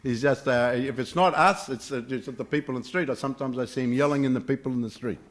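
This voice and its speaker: A man's voice: medium pitch, quick pace. Storytelling male teacher of a morning class. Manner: storytelling, many hesitations. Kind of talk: scripture class with told stories. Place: temple class room.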